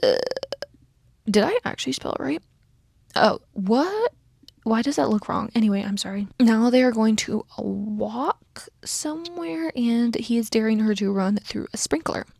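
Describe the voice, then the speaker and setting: A woman's voice: a little high, lively intonation, unhurried, creaky, darkish tone, husky, dry recording. A young woman casually reading aloud her old fanfiction and reacting with sarcastic, giggly commentary, dropping into whispers and squealing at times.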